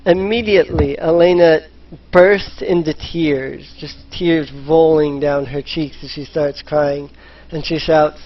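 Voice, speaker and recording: A man narrating a tabletop role-playing game as dungeon master, in an unhurried storytelling manner. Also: fairly high pitch, steady tone. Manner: unhurried storytelling, voicing characters in quotes. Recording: dull lo-fi voice chat.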